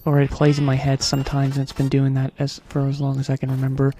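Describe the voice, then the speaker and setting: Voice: medium pitch, completely flat delivery, fast talker, dark tone. A gamer giving rambling, chatty commentary over a playthrough and humming little tunes. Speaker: gameplay commentator. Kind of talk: casual gameplay commentary.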